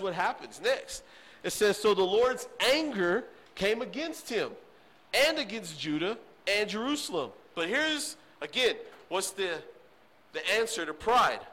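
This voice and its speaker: A male preacher delivers a sermon with a somewhat high voice, full of emphatic repetition. He checks in with his listeners again and again, rising to loud declarations and dropping to quiet pleas. Faint background noise sits under the recording. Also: poor audio. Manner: emphatic and repetitive, addresses the crowd with "okay?"; swings from loud bursts to hushed pleading.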